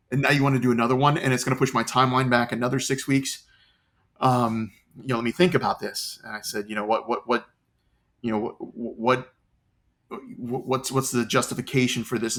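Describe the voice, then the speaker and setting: A man's voice: medium pitch, a bit bright. A middle-aged man from Florida telling his story in an interview, earnest and often repeating words as he searches for them. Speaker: cancer patient interviewee.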